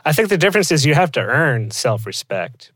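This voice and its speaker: Podcast co-host, man, fairly high voice, laughs a lot, swears freely, dry and close-miked. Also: big pitch swings, a little fast, a bit bright, slightly rough, no room sound. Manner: laughs often, swears casually. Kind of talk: casual podcast chat.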